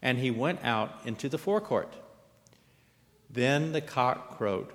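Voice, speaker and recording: A man reads scripture aloud at a middle pitch, his voice rising and falling widely as he dramatizes the quoted lines. A long reverb hangs behind every phrase, as in a large hall or church. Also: animated, unhurried. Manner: dramatic, lifts and raises voice for quoted speech. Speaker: scripture reader. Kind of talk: liturgical scripture reading.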